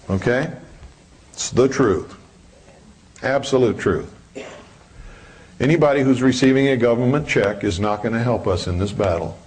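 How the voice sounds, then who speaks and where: A man's voice: mid-range voice, darkish tone. A man giving a live lecture to an audience in a hall, blunt, combative and preachy. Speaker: public speaker.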